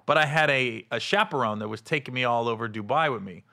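A man's voice: mid-range voice, fast talker, vocal fry, bright, forceful tone. A male comedian hosting a casual podcast chat, who laughs often and mimics the people in his stories.

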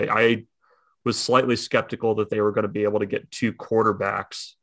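Guy chatting college sports, lowish voice, bright and dry, lots of restarts. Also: vocal fry, no echo. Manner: chatty, laughs easily, many restarts. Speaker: sports talk co-host. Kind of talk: casual sports chat.

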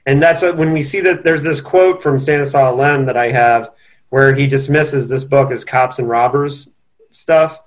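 A man's voice: medium pitch, fairly even intonation, moderate pace. A man co-hosting a podcast, discussing a novel in casual chat, thinking aloud with earnest restarts. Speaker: podcast co-host.

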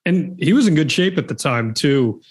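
A man interviewing a guest on a podcast, asking measured follow-up questions. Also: a little high, animated, breathy edge.

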